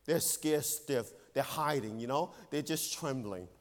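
A male pastor preaching a sermon with earnest emphasis, dropping to hushed tones and rising again. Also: a little slow. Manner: earnest, swings between loud emphasis and hushed low tones. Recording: long hall reverb.

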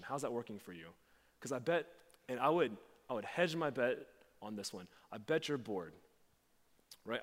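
A man preaching a conversational sermon as a pastor, acting out quoted lines with sudden jumps in pitch. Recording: long hall reverb.

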